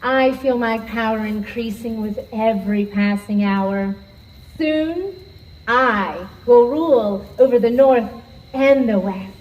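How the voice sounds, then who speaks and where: A high-voiced, scheming sorceress vizier who drags out her gloating words slowly, as a woman plays her on stage. She is theatrical and power-hungry, savoring every line of her live stage show villainy. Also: darkish tone, low-quality recording. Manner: gloating and theatrical, turning frantic.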